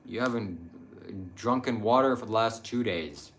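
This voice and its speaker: A man's voice: on the low side, lively intonation, measured pace, hardly any pauses, slight background noise. A young man hosting a live stream, answering viewer chat about spirituality in an earnest, meandering way with frequent hesitations.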